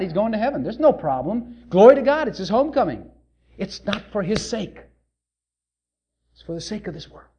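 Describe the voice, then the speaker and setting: A man preaching a sermon with passion, his voice swelling loud as he reads scripture and dropping quiet on asides. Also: high-pitched. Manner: reads scripture in old-fashioned biblical wording. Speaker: pastor.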